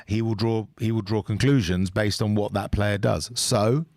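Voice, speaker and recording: A man's voice: fairly low pitch, fairly even intonation, normal speed, darkish tone, no echo, clean studio sound. A man co-hosting a fan football show, chatting casually and agreeing with emphatic enthusiasm. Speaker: co-host.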